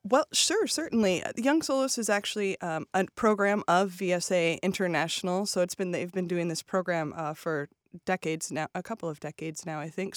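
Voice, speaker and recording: A woman's voice: lowish voice, no room sound, clean studio sound. A woman who directs an arts nonprofit, answering as a radio interview guest with frequent ums and restarts. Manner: hesitant, many ums and restarts. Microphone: studio microphone.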